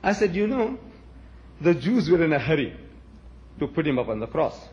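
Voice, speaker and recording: A man delivers a religious public lecture in a fairly high voice. He poses questions and plays out exchanges with his listeners. The recording is dull and lo-fi. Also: sing-song, normal speed, long pauses, a little mellow. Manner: rhetorical, acts out dialogues with questions and answers.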